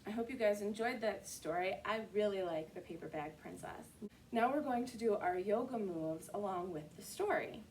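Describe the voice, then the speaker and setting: A woman hosting a children's story time, reading a picture book aloud and leading kids through yoga poses with expressive storytelling. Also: medium pitch, normal speed, recorded from a distance, slight background noise.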